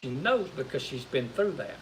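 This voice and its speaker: A man talking casually on a home live-stream, his voice pitched at an ordinary middle. He rambles in a folksy way, repeating himself as he goes. A faint hiss sits under the recording. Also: sing-song, normal speed, fairly bright tone, low-quality recording. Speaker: co-host of a homestead live-stream.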